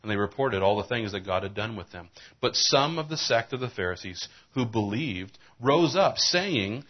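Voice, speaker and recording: A man's voice: fairly low pitch, animated, moderate pace, dull audio. A man preaching a sermon as a pastor, reading scripture and telling folksy jokes.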